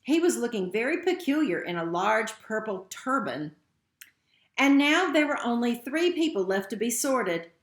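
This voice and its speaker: A woman reading a novel aloud in a steady, expressive way. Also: a little high, normal speed. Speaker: narrator. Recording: roomy echo.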